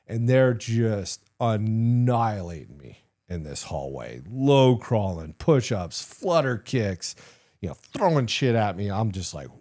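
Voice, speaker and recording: This man, a middle-aged retired army sergeant major, speaks slowly in a lowish voice. Sharing war stories in a casual interview, he gets animated and profane, leaning heavily on "like" and "you know."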